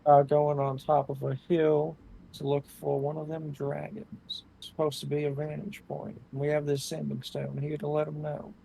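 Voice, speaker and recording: A man's voice: a little high, completely flat delivery, moderate pace, creaky, dark tone, a little hiss or hum, low-quality recording. A man playing a tabletop game, slipping into a put-on Cockney accent in character, laid-back and drawling. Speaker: player.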